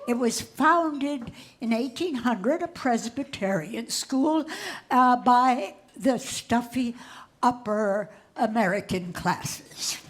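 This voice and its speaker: A woman in her nineties from Boston telling comic stories of her life on a cabaret stage in a slow, deliberate, wry delivery. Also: a little high. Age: 90s. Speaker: comedian. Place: live stage at a cabaret venue.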